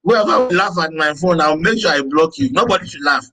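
Male teacher, high-pitched, deliberate dictation and joking asides. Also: bright, forceful tone, low-quality recording. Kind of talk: teaching session.

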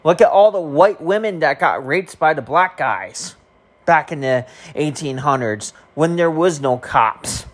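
A man's voice: fairly high pitch, animated, a little slow. A man streaming and vlogging, talking casually to camera in a rambling, profane way with many filler ums.

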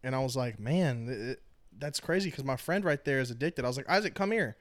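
A man's voice: medium pitch, fast talker. A young man hosting a podcast, telling rambling stories in casual chat, swearing freely and mimicking the people in them. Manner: loose storytelling, swears a lot, mimics people. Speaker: podcast host.

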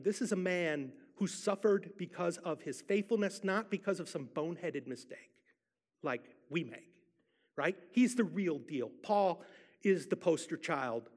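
Animated high-voiced male preacher. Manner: emphatic storyteller, repeats for effect. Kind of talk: sermon with personal testimony.

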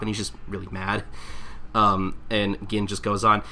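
A young man hosting a podcast, casually recapping manga chapters, laughing and acting out characters in quick voices. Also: lowish voice, little pitch movement, sharp tone. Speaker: podcast host.

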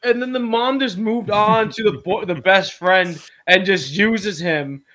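A man with a high voice chats loosely about a film, rambling between thoughts and laughing often. He swears freely and breaks into mocking impressions. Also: a little slow, sharp tone. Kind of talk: casual movie review chat.

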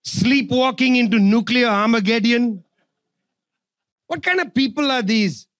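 A man's voice: very high-pitched, measured pace, a bit bright, no echo, studio quality. A man giving an impassioned political speech, sarcastic and emphatic, hammering points home through repetition. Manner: sarcastic, emphatic, repeats phrases. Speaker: public speaker.

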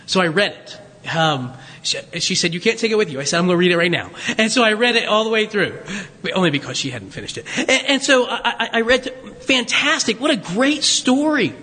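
A man's voice: sits high, lively intonation, fairly quick, pushed and bright, big-room sound. A man preaching a conversational sermon, teaching from scripture with joking asides to his congregation. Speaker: pastor.

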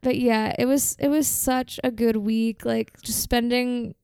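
A woman's voice: a little high, fairly even intonation, measured pace, darkish tone, clean tone, dry recording. A young woman co-hosting a podcast, chatting casually and telling stories with lots of filler words. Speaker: podcast co-host. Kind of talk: casual chat.

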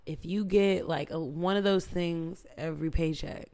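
A woman's voice: lowish voice, steady tone, moderate pace, a little mellow. A young woman co-hosting a podcast in casual chat, blunt and playful, swearing freely. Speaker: podcast co-host.

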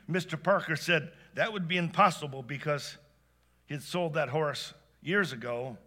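A man narrating a story with a bright, sharp, fairly high voice. He is animated, dropping to a hush and then surging with excitement. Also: moderate pace. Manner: animated, swings between hushed and excited. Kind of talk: expressive spoken storytelling.

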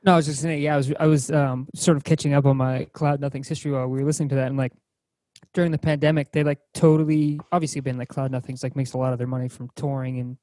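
A man's voice: medium pitch, level tone, fast talker, mellow, no room sound. A man with a Boston accent chatting about music on a video call, rambling and searching for words. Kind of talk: casual chat.

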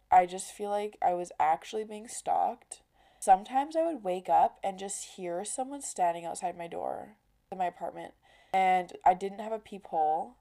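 A woman's voice: on the low side, vocal fry. A woman in her twenties hosting a podcast, telling a story in a chatty way, filling her talk with "like" and acting out quoted exchanges. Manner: chatty, heavy use of "like", animated quoting. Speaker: podcast host. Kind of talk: casual storytelling monologue.

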